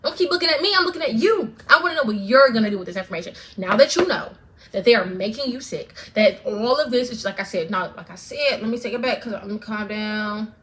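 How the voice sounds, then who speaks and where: A woman's voice: a little high, lively intonation, fast, a bit bright, a little hiss or hum. A woman vlogger ranting straight to camera, fervent and profane, repeating lines for emphasis. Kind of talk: direct-to-camera rant.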